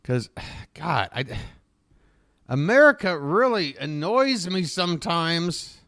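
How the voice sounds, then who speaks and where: A man's voice: on the high side, a bit bright, smooth, no echo. Dry-sounding man riffing on a live stream. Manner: rambling, wry, easily sidetracked. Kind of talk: casual reaction riffing.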